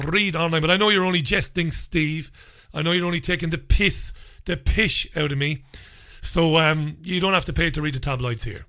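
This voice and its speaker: A man's voice: fairly high pitch, pushed and bright. Sarcastic, rambling male radio host. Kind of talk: opinionated talk radio monologue.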